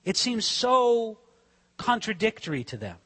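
Dramatic preacher in a reverberant hall. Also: male voice, high-pitched, very animated, unhurried, breathy edge. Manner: dramatic, swings from hushed to shouting. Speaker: pastor. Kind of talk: sermon.

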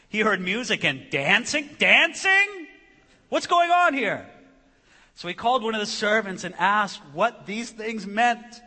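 A man's voice: a little high, pushed and bright, slightly rough. A man preaching a sermon, retelling a story with dramatic flair and acting out the characters' voices. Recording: long reverb of a large hall.

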